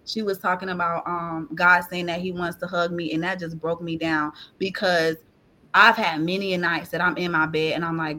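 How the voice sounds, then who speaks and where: A woman's voice: fairly low pitch, moderate pace. Woman giving an emotional faith testimony. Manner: animated, colloquial, laughing through tears. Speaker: podcast guest sharing a testimony.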